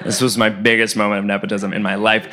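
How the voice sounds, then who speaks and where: A young man in his twenties telling a personal story live on stage, animated and often laughing as he goes. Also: lowish voice, fast talker.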